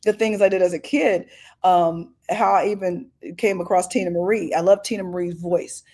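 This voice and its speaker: A woman's voice: fairly low pitch, normal speed. A middle-aged woman from Oakland, California, chatting as a singer guest in an interview, telling stories with many fillers. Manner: lively storyteller, many fillers. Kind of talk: casual interview chat.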